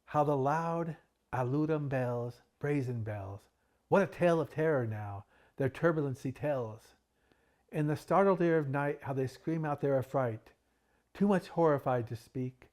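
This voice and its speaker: Man reading poetry with dramatic swells. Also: measured pace. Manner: builds volume and pitch on repeated refrains, drops low and soft for asides. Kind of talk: dramatic poetry reading with chatty intro and outro.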